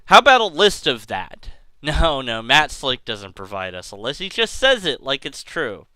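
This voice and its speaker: A man's voice: medium pitch, big pitch swings, normal speed, sharp tone, poor audio. A man giving sarcastic commentary to camera, reading quotes aloud and rebutting them in an exasperated tone. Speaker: video commentator.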